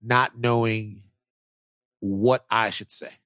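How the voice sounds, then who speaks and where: A man hosting a podcast, telling stories in casual chat with lots of repeated words, sinking lower and softer when the story turns serious. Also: steady tone, slow pace, clean tone, dry recording, clean studio sound. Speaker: podcast host.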